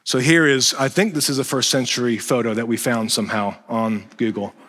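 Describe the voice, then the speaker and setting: Animated male pastor in a reverberant hall. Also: mid-range voice, brisk. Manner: animated, self-deprecating, swings loud and soft. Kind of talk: sermon. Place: church sanctuary.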